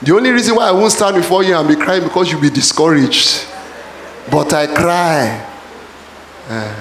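A man preaching a sermon in a church, often shouting calls to the congregation. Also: a little high, moderate pace, slight background noise. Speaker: pastor. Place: church hall. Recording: echoey church hall.

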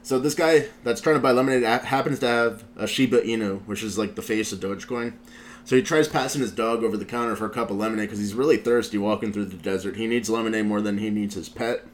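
A man's voice: fairly low pitch, fairly even intonation, fast, a little hiss or hum. A male show host in casual commentary, recapping a video in a rambling way with lots of filler words. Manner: rambling, heavy use of "like" fillers.

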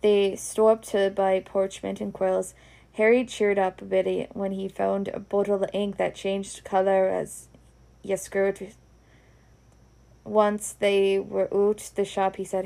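A woman's voice: medium pitch, monotone, slow pace, creaky, mellow. A woman with a Scottish accent reading a storybook aloud in broad Scots dialect. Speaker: reader.

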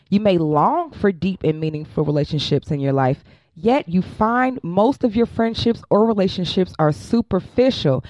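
A woman's voice: on the low side, a little mellow, dry recording, lo-fi sound. A woman co-hosting a comedy podcast, reading an advice segment and then joking bluntly. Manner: blunt, sassy jokes. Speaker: podcast co-host. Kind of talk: reading a self-help segment, then casual chat.

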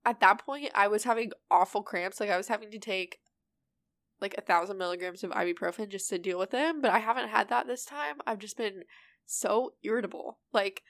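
A woman's voice: mid-range voice, a little fast, fairly bright tone, no room sound. A young woman co-hosting a podcast in casual chat, talking candidly with a stuffy nose and laughing often. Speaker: podcast co-host.

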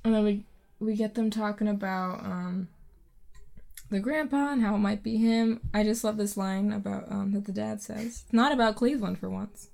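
Chatty woman with a gravelly voice. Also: medium pitch, fairly even intonation, moderate pace, a little mellow. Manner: chatty, lots of ums, acts out movie lines. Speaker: podcast co-host. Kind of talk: casual movie chat.

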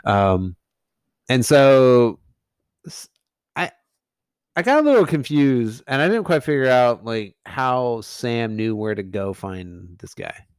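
A man co-hosting a casual film chat, recapping the plot in a measured way and laughing often. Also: medium pitch, very animated, clear, resonant tone, no echo, clean studio sound. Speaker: podcast co-host.

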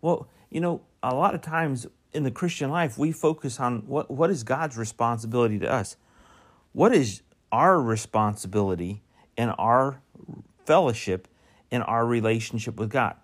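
A man preaching a sermon. He reads a psalm aloud, then explains it, asking the listeners direct questions and stressing key words. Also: medium pitch. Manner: reads scripture slowly, then preaches with rising emphasis and questions. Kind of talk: sermon with scripture reading.

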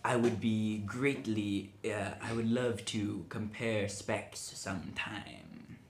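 A man voicing a sinister male dragonborn advisor in whispered role-play, low and sly. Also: animated, slow, creaky, a little hiss or hum, heavily acted. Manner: whispery, sounds evil. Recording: roomy echo.

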